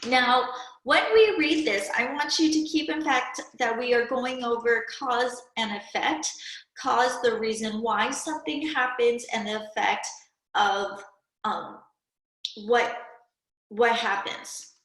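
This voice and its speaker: A young woman teaches children in a recorded video lesson, talking slowly and patiently with clear prompts. Her voice sits a little high. The sound is echoey, as if in an open room. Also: fairly bright tone. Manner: slow, clear, patient classroom delivery with prompts to pause.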